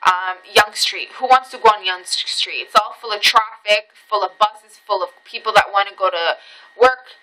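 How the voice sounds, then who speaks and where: A woman's voice: medium pitch, moderate pace, pushed and bright, low-quality recording. A young woman telling a rambling personal story in a casual vlog, swearing freely and breaking off into asides. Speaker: vlogger.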